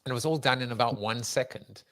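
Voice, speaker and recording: A man's voice: mid-range voice, quick pace, fairly bright tone. A male podcast host in loose, joking conversation, wandering through his setups with lots of "uh" and "um" before landing the punchline. His voice sits in the middle range, recorded dry and close with almost no room echo. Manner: rambling, jokey, with fillers and restarts. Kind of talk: conversational interview.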